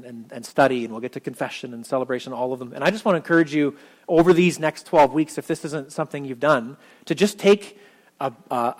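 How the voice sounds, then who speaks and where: A man preaching a sermon as pastor, talking casually with lots of fillers and restarts. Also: fairly high pitch.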